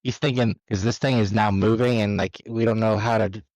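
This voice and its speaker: A man's voice: on the low side, fairly even intonation, fairly quick, darkish tone, no echo, low-quality recording. A man playing his character in a tabletop game, talking casually with lots of fillers as he thinks aloud. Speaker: player.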